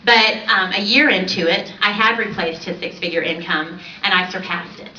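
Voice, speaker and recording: A woman in her forties giving an animated personal testimony on a stage, laughing often as she tells her story. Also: on the low side, moderate pace, a little hiss or hum. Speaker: speaker on stage. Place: large event hall on stage. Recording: roomy distant hall audio, dull.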